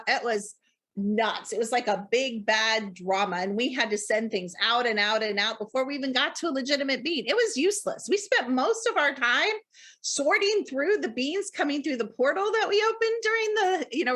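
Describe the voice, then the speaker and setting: A woman's voice: on the high side, a bit bright. A woman guest on a podcast, talking eagerly in a casual conversation and often jumping in. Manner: eager, fast bursts, jumps in often. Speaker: podcast guest, energy healer.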